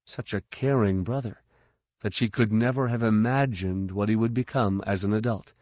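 A man reading an audiobook in a measured, even narration. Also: lowish voice, no echo, studio quality.

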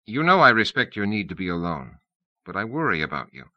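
A man's voice: lowish voice, sing-song, dry recording, highs cut off. Man playing a careful, evasive executive. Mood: concerned. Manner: measured, evasive, solicitous. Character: concerned male corporate executive, careful and measured.

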